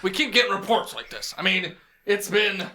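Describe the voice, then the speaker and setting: A man's voice: sits high, lively intonation, normal speed. A young man narrating as game master in a casual, laughing, profane way.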